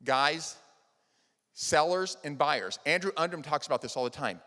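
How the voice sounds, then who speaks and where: A man giving a motivational conference talk, telling a personal story earnestly, rising to loud emphasis and dropping to soft, hushed lines. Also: on the high side, lively intonation, moderate pace. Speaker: conference speaker. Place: large event hall. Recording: long hall reverb.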